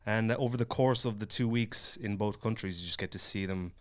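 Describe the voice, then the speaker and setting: A man's voice: on the low side, fairly quick. A man co-hosting a podcast, telling stories in casual chat with swearing. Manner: animated, swearing storyteller. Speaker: podcast co-host.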